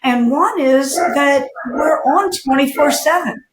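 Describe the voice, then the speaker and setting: A woman co-hosting an interview podcast, making measured, thoughtful remarks in a casual chat. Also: high-pitched, heavy background noise. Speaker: podcast co-host. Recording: roomy, echoey sound.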